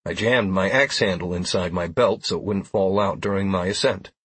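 Man, audiobook narration, first person, steady, low voice, husky. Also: moderate pace, no echo.

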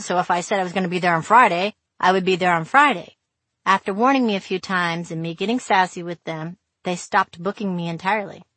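A woman's voice: on the low side, a bit bright, husky, no room sound. A woman narrating her own memoir in a frank, wry, profane way, recorded on a close mic.

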